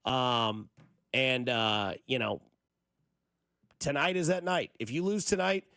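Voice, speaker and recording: A man hosting a morning sports talk radio show, riffing in an animated way and teasing his listeners, on a studio mic. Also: mid-range voice, slow pace, smooth, dry recording.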